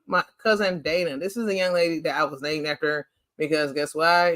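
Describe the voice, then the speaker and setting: A man hosting a casual chat over family photos, animated and playful, rambling with lots of "like". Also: on the high side, a little fast, no room sound. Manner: rambling, chatty, heavy use of "like". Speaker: host.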